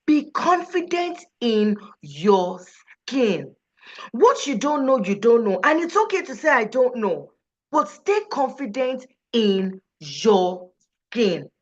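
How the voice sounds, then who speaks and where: Animated woman coaching. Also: on the high side, takes it slowly. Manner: animated, emphatic, asks the audience questions. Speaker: speaking coach. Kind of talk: motivational talk to an audience. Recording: dull, slightly lo-fi recording.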